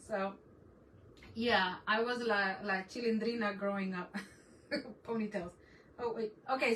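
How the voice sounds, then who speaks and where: Woman, live craft stream host, chatty, laughs a lot, slightly high voice, mic at a distance. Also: pushed and bright, a little hiss or hum. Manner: chatty, laughs often, greets viewers. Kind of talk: casual live-stream chat while crafting.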